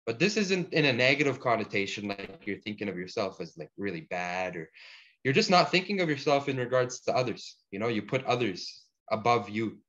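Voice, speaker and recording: A man's voice: mid-range voice, lively intonation, fairly bright tone. Patient man teaching a language lesson. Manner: patient, explains slowly with repeated examples. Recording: dull lo-fi audio.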